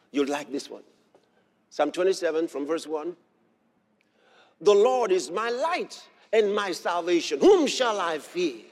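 High-voiced preaching man in a hall. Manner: emphatic preaching, rising to shouts. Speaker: pastor. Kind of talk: sermon. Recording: long hall reverb.

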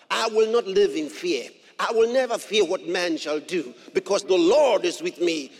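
A man preaching a sermon as pastor, emphatic and building to shouts. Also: high-pitched. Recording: long hall reverb.

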